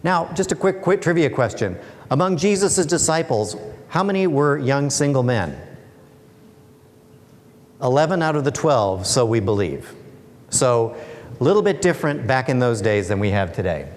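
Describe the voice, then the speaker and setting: A man gives a lighthearted talk to an audience. His pitch sits in an ordinary middle range, and he keeps throwing playful rhetorical questions at the crowd. His voice carries a long reverb from the hall he speaks in. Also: expressive, moderate pace. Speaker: guest speaker and author. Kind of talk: humorous presentation talk. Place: lecture hall.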